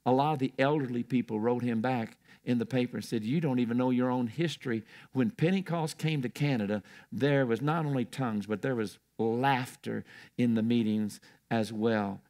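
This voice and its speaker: Older male preacher with a gravelly voice, storytelling sermon style, prone to restarts. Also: mid-range voice, moderate pace, a little mellow. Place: church.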